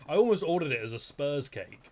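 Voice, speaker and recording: A man's voice: fairly high pitch, big pitch swings, brisk, a little mellow. Joking, sweary streamer man. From England. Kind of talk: casual gaming commentary.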